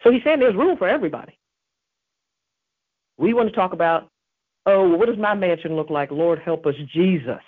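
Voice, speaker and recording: A woman with a husky, breathy voice preaches a devotional message with earnest emphasis, weaving in scripture. The sound is dry and narrow, like a phone line. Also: lowish voice, animated, normal speed, long pauses, no room sound. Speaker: podcast host.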